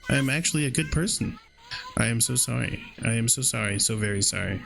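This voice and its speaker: A haunted doll holding a murderer's penitent spirit, as a man reads it out repeats its apologies slowly over and over. The voice is gravelly and sits at a middle pitch, and faint game music runs underneath. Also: animated, fairly bright tone. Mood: remorseful. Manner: slow, repetitive apologies.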